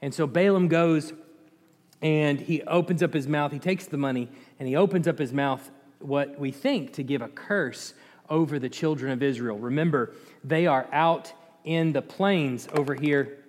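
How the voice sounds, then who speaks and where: A man's voice: on the high side, normal speed, darkish tone. A man giving informal Bible teaching in a conversational way, quizzing his listeners and chuckling now and then. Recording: echoey hall reverb.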